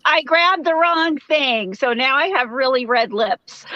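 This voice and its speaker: A woman with a high, bright, forceful voice speaks unhurriedly on a dry recording. She's co-hosting a casual crochet livestream over a video call, chatty and giggly, often trailing off mid-sentence, and the call audio is dull and lo-fi.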